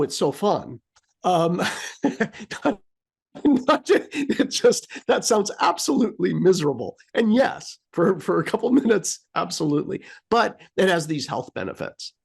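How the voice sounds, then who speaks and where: A man's voice: fairly high pitch, gravelly, slightly rough. A man from the United States telling a story in casual chat, acting out sounds and his own frustration. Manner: animated, acts out beeps and his own frustration. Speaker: co-host.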